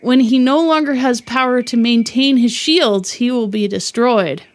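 A woman co-hosting a casual podcast, easygoing, reading passages aloud haltingly. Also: fairly high pitch, noisy background. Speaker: podcast co-host. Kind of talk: casual chat.

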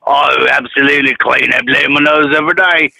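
A man's voice: mid-range voice, steady tone, fairly quick, gravelly, bright, forceful tone, dry recording, rough recording. A man calling in to a show, chatting playfully in a put-on accent. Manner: playful, putting on a strange accent. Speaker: caller. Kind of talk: casual call-in chat.

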